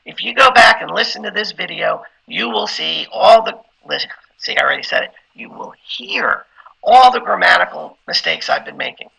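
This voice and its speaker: A man's voice: sits high, very animated, normal speed, vocal fry, bright, forceful tone, slightly rough, low-quality recording. A middle-aged man giving an informal lecture on preaching skills, conversational and at times emphatic like a preacher. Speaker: instructor teaching preaching skills.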